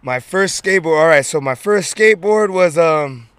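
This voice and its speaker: A man's voice: on the high side, animated, normal speed, a bit bright, smooth, no echo. A man from San Francisco telling stories as an interview guest, laid-back and streetwise, with plenty of slang and swearing. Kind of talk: casual storytelling interview.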